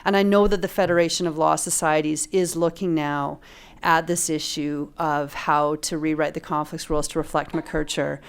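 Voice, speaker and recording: A middle-aged woman speaking on a legal ethics panel as a law professor, measured and analytical with touches of dry humor. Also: deep voice, fairly even intonation, smooth. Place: lecture room at a panel event.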